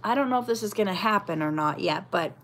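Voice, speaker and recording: A woman's voice: medium pitch, animated, fast, a bit bright, a little hiss or hum. A middle-aged woman, an actress, chatting casually as she reads out viewer questions and answers them. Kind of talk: casual live Q&A chat.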